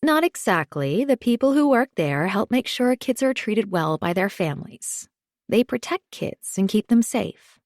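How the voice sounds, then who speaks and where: A woman voicing a calm young mother in an audiobook, explaining things gently. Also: mid-range voice, a little slow, no room sound, studio quality.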